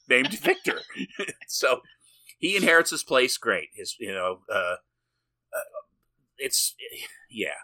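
A man's voice: medium pitch, sing-song, slow, pauses often, pushed and bright. A man co-hosting a podcast, recapping a film in a rambling, jokey way, swearing and laughing often. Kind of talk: casual movie-recap chat.

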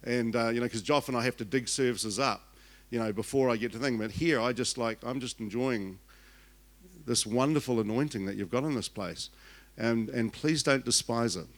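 Chatty older Kiwi pastor, joking. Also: male voice, mid-range voice, normal speed. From New Zealand. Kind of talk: sermon.

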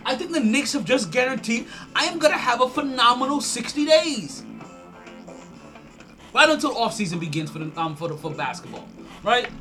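A man hosts a casual sports podcast on his own, his voice high and bright. He talks in an animated, rambling way, stacking restarts and getting loud when excited. Faint music plays underneath. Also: moderate pace. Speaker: podcast host.

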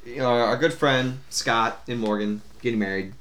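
A man's voice: mid-range voice, normal speed, fairly bright tone, echoey room. A young man co-hosting a podcast, telling a long story in casual chat, rambling with fillers and the odd curse. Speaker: podcast co-host.

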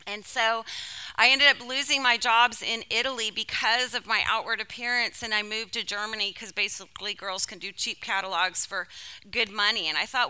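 Bright-voiced woman preaching through personal story. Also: on the high side, moderate pace, clean tone. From California. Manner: personal storytelling, animated and emotional. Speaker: speaker. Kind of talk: sermon.

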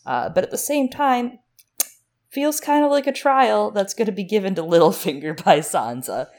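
A woman's voice: medium pitch, lively intonation, normal speed, darkish tone. A woman co-hosting a podcast, chatting casually with sarcastic asides. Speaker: podcast co-host. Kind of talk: casual book discussion.

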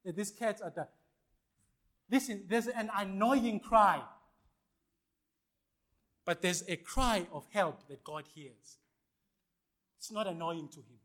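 A male pastor, preaching a sermon and calling out to the congregation for responses, with swings between loud and hushed lines. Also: high voice, takes it slowly, pauses often.

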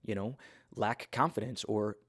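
A man's voice: lowish voice, unhurried, fairly bright tone, dry recording, clean studio sound. A man giving a casual, earnest Bible talk in a conversational, self-deprecating way.

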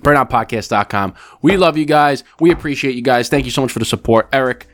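Male podcast co-host, 30s, fast and profane, casual storyteller. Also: medium pitch, a bit bright.

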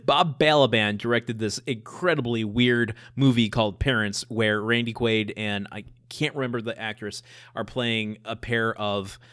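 A man's voice: on the low side, steady tone, moderate pace, fairly bright tone, no echo, clean studio sound. A man co-hosting a TV rewatch podcast, chatting casually, laughing often and swearing freely. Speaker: podcast co-host.

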